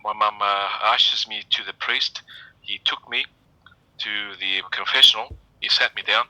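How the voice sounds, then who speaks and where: A man's voice: on the low side, fairly even intonation, normal speed, pushed and bright, dry recording, low-quality recording. A man, an archaeologist guest on a podcast, telling rambling anecdotes full of fillers in casual chat.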